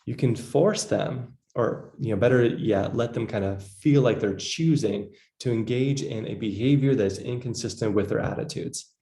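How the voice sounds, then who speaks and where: A man's voice: mid-range voice, normal speed, few pauses, mellow, reverberant. A man giving a casual psychology lecture, full of fillers, acting out quoted voices. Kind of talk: recorded lecture.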